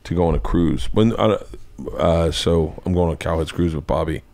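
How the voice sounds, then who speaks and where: A man in his forties hosting a podcast in casual chat, telling animated stories with swearing and sudden jumps in pitch for emphasis. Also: normal speed, creaky. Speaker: podcast host.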